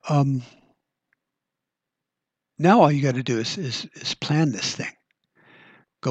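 A man's voice: on the high side, steady tone, takes it slowly, long pauses, darkish tone, no room sound, dull audio. A middle-aged man hosting a podcast, talking in a blunt, profane, rambling way full of fillers. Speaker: podcast host. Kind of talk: casual political monologue.

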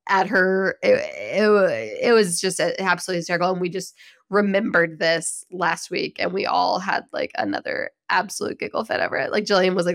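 A woman in her thirties hosts a podcast in a loose, casual solo chat. She tells stories in an animated, chatty way and breaks into laughter often. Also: on the low side, fairly quick, gravelly. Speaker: podcast host.

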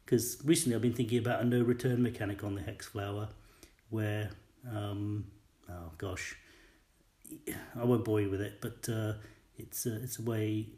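A man's voice: on the low side, fairly even intonation, normal speed, mellow. A man leaving a casual voice message, apologetic and rambling. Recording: echoey room.

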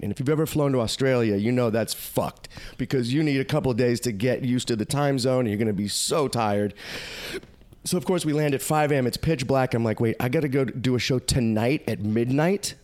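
Profane, animated male storyteller. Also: medium pitch. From United States. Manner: animated, profane, acts out quoted voices. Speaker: podcast guest. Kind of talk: casual storytelling.

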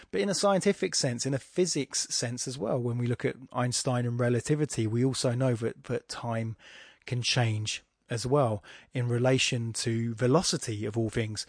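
A man's voice: medium pitch, no echo, studio quality. A man hosting a solo podcast, rambling and self-deprecating as he talks through poetry and philosophy with many restarts and asides. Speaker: podcast host.

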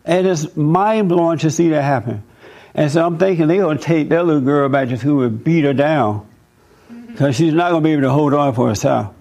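Gravelly fervent man telling a story. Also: a little high, fairly quick. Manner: animated storyteller, emphatic and fervent. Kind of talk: casual preaching monologue.

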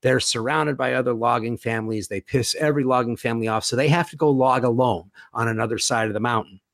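A man's voice: mid-range voice, no echo, clean studio sound. A man talking as a guest in a conversation, retelling film scenes with vivid storytelling and acted-out quotes. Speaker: guest, horror author.

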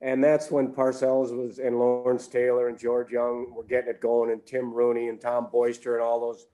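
A man's voice: mid-range voice, completely flat delivery, moderate pace, mellow. An older man co-hosting a sports podcast, earnestly reminiscing in casual talk. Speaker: sportswriter co-host.

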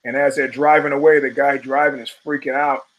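A man's voice: mid-range voice, flat delivery, fairly quick, low-quality recording. A man hosting a solo podcast, talking in a wry, profane, digressive way with emphatic punches. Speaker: podcast host.

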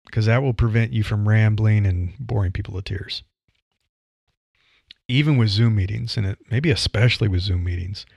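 Gravelly-voiced man giving podcast advice. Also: on the low side, a little mellow, no room sound, highs cut off. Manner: conversational, coaching, varies pace with pauses. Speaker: podcast host. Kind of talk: solo podcast advice monologue.

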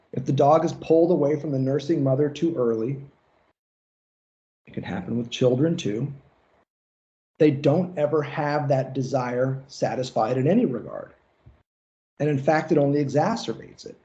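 A man with a mellow, mid-range voice speaks at normal speed in a casual seminar lecture on psychoanalysis, and the audio is dull. He swears freely and keeps things loose, slipping into acted-out mocking rants to make his points.

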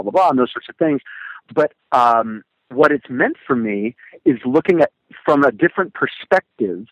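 A man's voice: mid-range voice, no echo, poor audio. Emphatic storytelling man, dry sound. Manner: emphatic storyteller, acts out quoted thoughts. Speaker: guest, motivational speaker and hardcore singer. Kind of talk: animated podcast conversation.

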